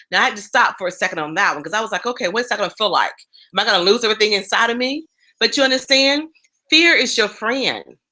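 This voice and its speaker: A woman giving a motivational talk, telling animated stories and addressing her listeners directly. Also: medium pitch, rough recording. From East Coast of the United States. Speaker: motivational speaker.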